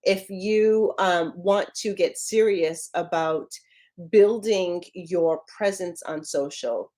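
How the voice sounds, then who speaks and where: A middle-aged woman business coach giving an energetic, emphatic motivational talk in a casual way, with some mild swearing. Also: fairly low pitch, slow.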